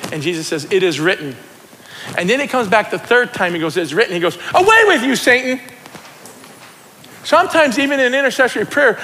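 A middle-aged man preaching a sermon, building from casual talk into excited shouting. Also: high voice. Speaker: pastor. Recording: long church reverb.

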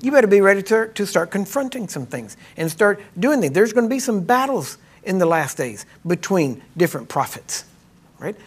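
A man's voice: high voice, big pitch swings, normal speed, slightly rough. A man preaching a sermon, retelling a Bible story in plain talk and acting out the quotes with a mocking edge. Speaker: preacher and ministry teacher.

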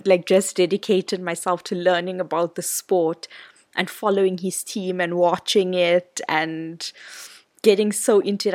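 A woman's voice: on the low side, dry recording, clean studio sound. A woman from Cameroon, a guest on a podcast, chatting casually with fillers and easy laughter.

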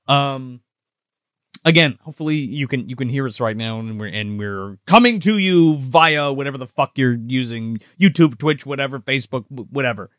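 A man's voice: medium pitch, lively intonation, normal speed, fairly bright tone, no room sound, clean studio sound. A man co-hosting a live-streamed podcast, chatting loosely with lots of swearing and restarts. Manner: loose, profane, rambling with restarts. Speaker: podcast co-host. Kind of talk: casual live-stream chat.

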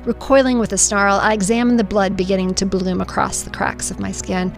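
A woman's voice: mid-range voice, steady tone, fairly quick, vocal fry, few pauses, faint music behind. A middle-aged woman reading her own personal story aloud in an earnest, emotional way. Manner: emotional, earnest storytelling with spoken sound effects. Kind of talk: personal memoir narration.

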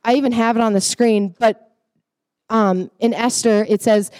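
A woman teaching children a Bible story in a casual, animated way, often checking in with her listeners. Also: a little high, measured pace, dry recording, studio quality. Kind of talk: animated storytelling lesson for kids.

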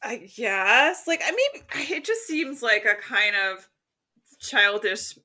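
Slow-talking bright woman, easygoing. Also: fairly high pitch, big pitch swings. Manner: easygoing, agreeing, giggly. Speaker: podcast co-host. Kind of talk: casual chat about a story.

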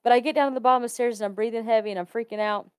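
A woman's voice: fairly high pitch, steady tone, racing, darkish tone, smooth, no echo, clean studio sound. A woman casually telling a personal ghost story, chatty and laughing often between sentences.

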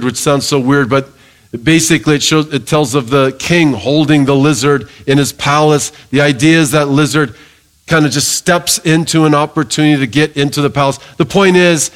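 A middle-aged male pastor preaching a sermon in a lively, joking way, calling for amens from the congregation. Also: fairly high pitch.

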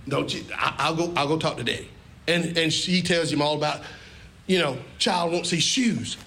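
A man preaching an animated storytelling sermon in a church, calling for responses. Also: fairly high pitch, normal speed, gravelly. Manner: animated, repetitive, call-and-response.

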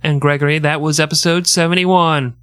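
A man's voice: fairly high pitch, fairly even intonation, fairly quick, a bit bright, clean tone, no echo, studio quality. A man hosting a casual, comedic history podcast who jokes crudely and laughs often. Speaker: podcast host.

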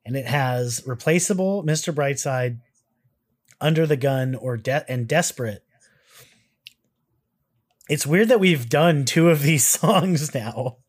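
A man's voice: on the high side, takes it slowly, long pauses. A man co-hosting a casual reaction show, talking in a laid-back and wry way. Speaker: co-host.

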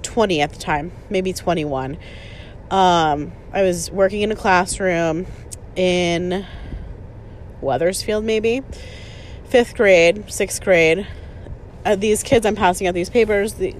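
A woman in her thirties talks through a story in loose podcast chat, sarcastic and peppered with "like" and the odd swear. Her voice sits at an ordinary middle pitch. A faint hum runs underneath. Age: 30s. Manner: chatty, sarcastic, swears freely, fond of "like". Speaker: podcast host. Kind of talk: casual storytelling monologue.

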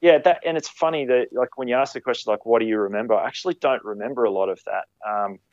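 A ski patroller, recounting rescues in a halting way with many fillers and restarts. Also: male voice, medium pitch, darkish tone, dry recording, lo-fi sound. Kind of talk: conversational storytelling.

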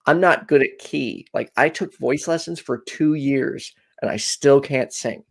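A man's voice: medium pitch, a little slow, vocal fry, slightly rough. A man co-hosting a casual call-in show, rambling with many fillers and restarts.

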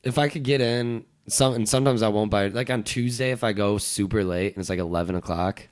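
Young man, low voice, podcast co-host, rambling, swears freely. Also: brisk. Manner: loose, profane, rambling. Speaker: podcast co-host, stand-up comic. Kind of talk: casual chat.

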